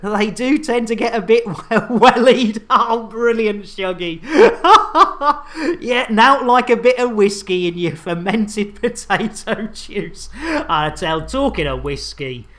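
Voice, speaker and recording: A woman's voice: fairly high pitch, animated, slow pace, a bit bright. A British woman hosting a gaming livestream, chatting and joking with her audience and laughing often as she goes. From United Kingdom. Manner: jokey and chatty, laughs often, repeats catchphrases. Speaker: game streamer host. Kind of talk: casual gaming livestream chat.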